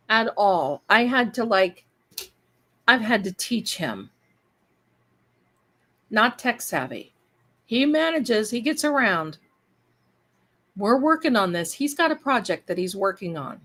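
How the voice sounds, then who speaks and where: Slow-talking woman hosting a livestream. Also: on the high side, sing-song, a bit bright. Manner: rambling and chatty, addressing viewers. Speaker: live-stream host. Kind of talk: casual livestream chat.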